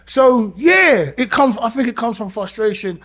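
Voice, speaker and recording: A man's voice: very high voice, a little slow. A man hosting a casual podcast chat, telling stories and acting out what people say. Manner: animated storyteller, acts out quotes. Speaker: podcast host.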